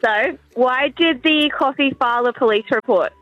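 A woman's voice: high-pitched, normal speed, no echo, muffled recording, soft background music. A woman calling in to radio, cheerful and giggly as she tells jokes. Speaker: caller. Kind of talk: telling jokes on air.

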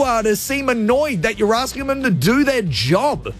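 Radio host, man, very high voice, over-the-top comic rants. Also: normal speed, few pauses, faint music behind. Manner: energetic, exaggerated, ranting. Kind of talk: comedic radio rant.

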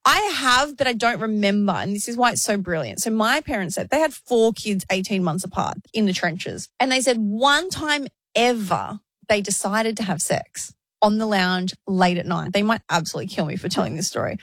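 A woman co-hosting a podcast tells a story in a casual, animated way, acting out the voices she quotes. Her mid-range voice moves at normal speed, and the recording is dry.

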